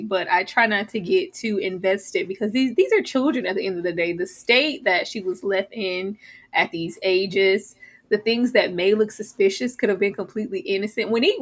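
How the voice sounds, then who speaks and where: A woman hosting a casual live-stream discussion over a video call, animated and quick to laugh. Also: mid-range voice. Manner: animated, laughs often, trails off. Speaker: host.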